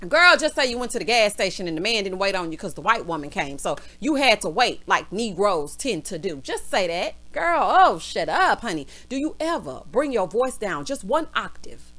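A woman's voice: mid-range voice, big pitch swings, moderate pace, a bit bright. A woman from the American South, ranting sassily in a casual reality TV recap and calling everyone honey and girl.

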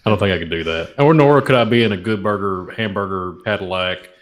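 Low-voiced man joking on talk radio. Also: fast. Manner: jokey, playful, laughing asides. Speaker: co-host. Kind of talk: casual radio chat.

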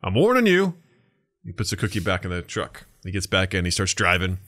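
Bright-voiced man telling a long joke. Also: flat delivery, fast. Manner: acts out characters with big pitch jumps and shouts. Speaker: podcast co-host. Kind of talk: deadpan shaggy-dog joke telling.

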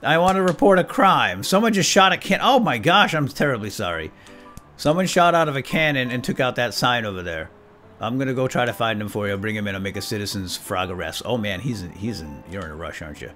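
A man hosting a let's play, giving silly role-play commentary in an excitable, giggly way. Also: mid-range voice, fast talker, soft background music.

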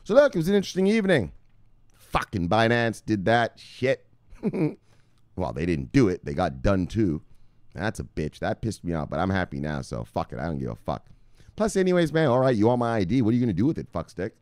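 A rowdy, foul-mouthed man riffs through his cryptocurrency vlog in loose street slang. His pitch swings wildly from low mutters to high yelps. The recording is dry, with no room sound. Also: big pitch swings, fairly quick, darkish tone, dry recording. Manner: boisterous and profane, street slang. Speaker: crypto news vlogger. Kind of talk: casual profane commentary.

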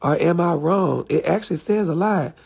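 A high-voiced man with a gravelly, husky edge, ranting brashly and with plenty of profanity on a phone livestream. He has a cold and talks from a guest room at home. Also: moderate pace, a little mellow. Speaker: livestream host. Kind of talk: casual livestream rant.

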